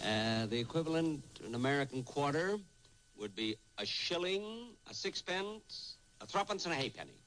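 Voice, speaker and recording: A vain, stingy comedian. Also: male voice, a little high, very animated, moderate pace, a bit bright. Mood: sheepish. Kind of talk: 1940s radio acting. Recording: noisy old radio broadcast.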